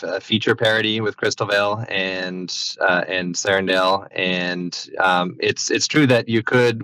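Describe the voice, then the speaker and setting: A man with a low, fairly flat voice and a bright, forward tone answers game questions. The sound is dry and close, and he restarts often as he explains. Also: dry recording, poor audio. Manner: halting, many restarts and fillers. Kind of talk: casual explanatory talk.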